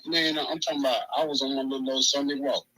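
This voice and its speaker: A man's voice: mid-range voice, fairly even intonation, fast talker, bright, forceful tone, poor audio. A man, telling a story in a rambling, casual way, with lots of "you know what I'm saying" fillers. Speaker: panel guest.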